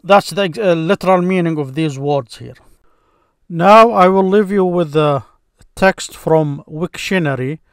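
A man teaching a grammar lesson, slowly and patiently explaining each form with repeated examples. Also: a little high, clean tone, no room sound, clean studio sound.

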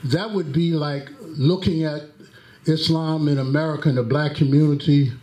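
A man introducing a lecture in a mosque hall, telling stories in a deliberate, drawn-out way and acting out the quotes. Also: a little high, fairly even intonation, darkish tone. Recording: echoey hall with faint background noise.

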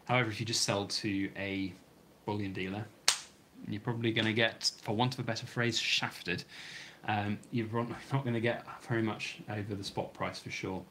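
A man's voice: on the low side, steady tone, normal speed, background noise. A British man hosting a long live stream, reading out viewer comments and answering them in a rambling, chatty way, his voice getting a bit worn. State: starting to lose his voice. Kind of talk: casual live stream chat.

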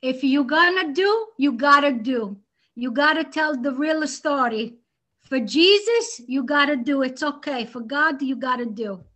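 A woman's voice: high-pitched, animated, a little slow, a bit bright. A woman imitating her devout, older Italian mother with an Italian accent, insisting in short, repeated phrases. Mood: insistent. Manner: emphatic, repetitive reassurance.

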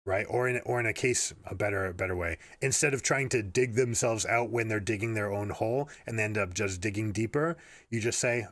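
A man commentating on an esports match and giving coaching advice, energetic and repeating words as he explains. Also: on the low side, a little fast, no room sound. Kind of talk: game analysis with coaching advice.

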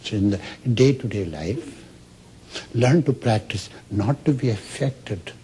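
A man's voice: on the low side, warm tone, a little hiss or hum. A man giving a lecture on meditation as a spiritual teacher, telling stories and acting out the quoted speech. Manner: storytelling, acts out quoted speech.

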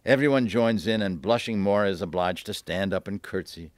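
A man reading aloud from his own novel at a bookstore event, lively, lifting his voice for the dialogue. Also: no room sound. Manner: lively, voices the dialogue with raised pitch and quick asides.

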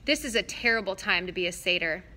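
A woman's voice: fairly low pitch, expressive, bright, forceful tone. Woman voicing a gloomy young satyr. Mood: earnest, sorrowful. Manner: sad, earnest, slow at times.

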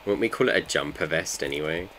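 A man's voice: a bass voice, quick pace, a bit bright, slight background noise. A man, chatting and joking with his viewers while playing a game. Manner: joking, bantering with chat. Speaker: streamer. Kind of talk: casual live gameplay chat.

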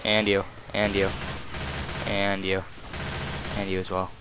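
A man giving casual let's-play commentary, muttering asides and then yelling loud bursts at the enemies he fights. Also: deep voice, completely flat delivery, takes it slowly. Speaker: gameplay commentator. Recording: faint game noise behind.

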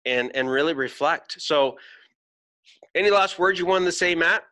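A man hosting a podcast, telling an animated story in casual chat, swearing freely and acting out voices. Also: a little high, moderate pace. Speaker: podcast host.

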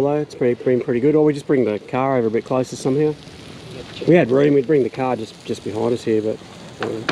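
A man's voice: mid-range voice, mellow, a little hiss or hum. A middle-aged Australian man chatting casually while filming his beach campsite, laid-back and full of slang. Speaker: camping vlogger. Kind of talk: casual outdoor vlog chat.

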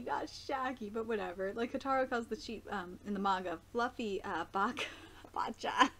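Reacting live to an anime episode, a woman streamer gushes excitedly, laughs often, and chats with plenty of fillers. Her voice is on the high side and she talks at a normal speed.

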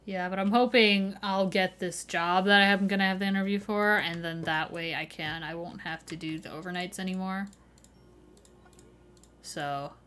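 A woman's voice: lowish voice, fairly even intonation, normal speed, a bit bright. Chatty young woman streaming a game. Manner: chatty, laughs often, greets and answers chat. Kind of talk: casual chat while live-streaming a game.

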